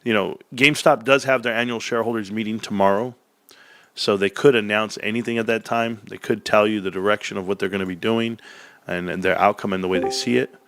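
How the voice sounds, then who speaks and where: A man hosting a stock-market livestream, talking casually with his chat and getting excited as he runs through earnings figures. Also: fairly quick. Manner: excitable, rises to loud pitched emphasis on numbers. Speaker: stock show host.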